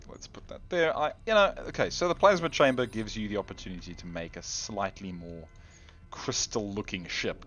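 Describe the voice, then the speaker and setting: A man's voice: sits low, a bit bright. A man hosting his gaming channel, rambling in casual gameplay commentary, self-deprecating and talking straight to the viewer.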